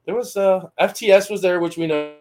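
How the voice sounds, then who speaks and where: A man hosting a podcast, telling stories loudly and animatedly and acting out other people's voices in casual chat. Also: high voice, fairly quick. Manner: loud, animated storyteller who acts out voices. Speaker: podcast host.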